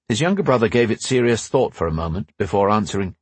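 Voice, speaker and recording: A man's voice: on the low side, expressive, fast talker, hardly any pauses, slightly rough, no room sound. A man narrating a novel as an audiobook, telling the story expressively into a close mic. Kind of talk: scripted narration.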